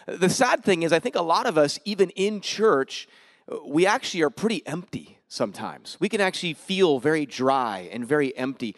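Man, guest preacher, higher voice, dry close sound, casual joking sermon. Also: very animated, normal speed, dry recording. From Denver area, US. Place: church sanctuary.

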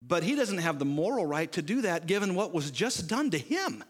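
Animated preacher in a reverberant hall. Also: male voice, high-pitched, moderate pace. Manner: animated storytelling, voicing characters in quotes, rhetorical questions. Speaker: pastor. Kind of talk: sermon.

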